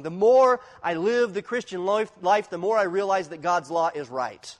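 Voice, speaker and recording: Guy preaching a sermon, pretty high voice, goes quiet then really loud, church echo all around. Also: moderate pace. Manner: swings from quiet confessional to loud emphatic, acts out inner voices. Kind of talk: expository sermon.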